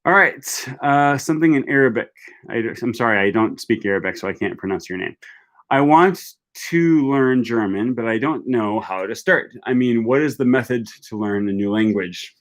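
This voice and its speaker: A young man chats through a live stream, reading viewer questions aloud and answering off the cuff. His voice sits in an ordinary middle pitch, and he talks with easy, rambling warmth, full of ums and self-corrections. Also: animated, moderate pace. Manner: reads viewer questions aloud and answers chattily, many fillers. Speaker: language YouTuber hosting a live stream.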